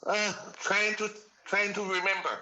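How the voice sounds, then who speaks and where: A Jamaican man who is a guest on a podcast, telling stories in a slow, halting way. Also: sits high, level tone, pushed and bright, muffled recording. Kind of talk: casual chat.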